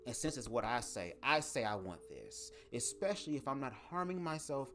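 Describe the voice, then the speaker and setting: A man hosting a casual livestream, talking straight to his viewers in an animated, profane way from a home setup at his microphone. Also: medium pitch, normal speed, slight background noise. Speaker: livestream host. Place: home setup, speaking to camera. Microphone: desk microphone.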